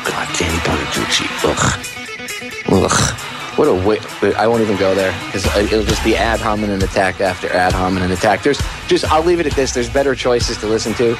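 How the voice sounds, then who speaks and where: A man's voice: fairly low pitch, a little fast, over music. A man hosting a talk radio show, speaking casually and animatedly, often mocking people in put-on voices.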